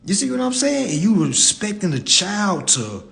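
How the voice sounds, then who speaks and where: A man's voice: high-pitched, sing-song, moderate pace, vocal fry, few pauses, fairly bright tone. Blunt, preachy man on a phone live stream. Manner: blunt, preachy, repeats his points, curses freely. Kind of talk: casual live-stream monologue.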